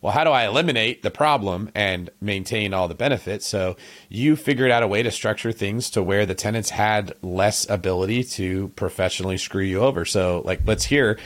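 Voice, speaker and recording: A man's voice: fairly low pitch, normal speed. A man hosting a casual interview, enthusiastic and praising his guest. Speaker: podcast host.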